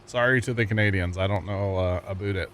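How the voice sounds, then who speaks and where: A man's voice: deep voice, a little fast, fairly bright tone, slight background noise. A man from the United States live-streaming a farming game, chatting casually with his viewers in a rambling, jokey way and laughing often at his own puns. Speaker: livestreamer. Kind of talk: casual chat with viewers while gaming.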